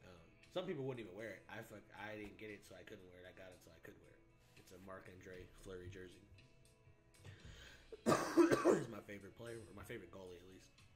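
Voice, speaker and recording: A man hosting a casual live stream from home, rambling and swearing freely, high on cannabis and clearing his throat often. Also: brisk, pauses often, faint music behind. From United States. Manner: rambling, profane, laid-back, frequent throat clearing.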